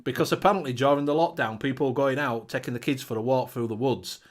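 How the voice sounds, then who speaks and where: A man's voice: medium pitch, quick pace. A man hosting a casual live chat show, reading out viewer comments, laughing often and swearing casually.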